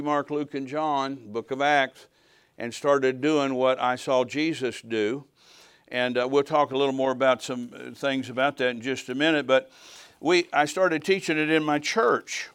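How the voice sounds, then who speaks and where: Older preacher, smooth and dry. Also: male voice, mid-range voice, no room sound. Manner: animated storytelling, acts out dialogue, swells to shouting at climaxes. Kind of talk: sermon with personal testimony.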